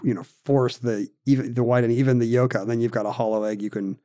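A man's voice: medium pitch, steady tone, fast talker, warm tone. A man co-hosting a casual podcast, chiming in with playful, jokey remarks. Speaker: podcast co-host. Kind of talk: casual chat.

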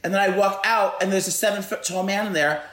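A man co-hosting a podcast, telling a rambling, animated story in casual chat with frequent restarts. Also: sits high, fast talker. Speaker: podcast co-host.

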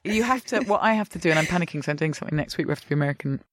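Woman, rapid chatty interview guest, dry studio sound. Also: low-pitched, no room sound. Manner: chatty, animated, acts out quotes. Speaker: actress guest. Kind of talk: casual interview.

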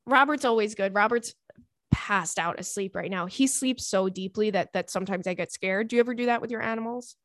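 A young woman hosts a podcast, chatting casually and reading listener messages with profane, animated asides and quick put-on voices. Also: medium pitch, no room sound, studio quality. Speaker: podcast host.

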